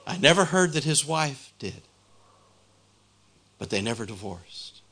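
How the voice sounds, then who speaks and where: Male preacher, slow deliberate delivery, bright forceful tone, fervent sermon storytelling. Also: mid-range voice, very animated.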